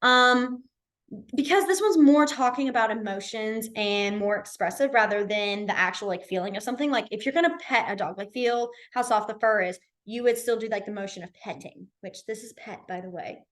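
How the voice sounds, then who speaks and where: A woman's voice: on the high side, a little fast, fairly bright tone. A young woman casually teaching a beginner sign language class online, chatty with many fillers. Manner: chatty, lots of fillers, demonstrative.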